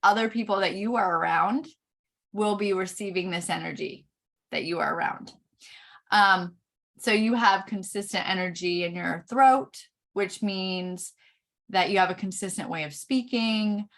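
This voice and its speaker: A middle-aged woman giving a chart reading, explaining each point slowly with frequent pauses. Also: medium pitch, fairly bright tone. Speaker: Human Design reader.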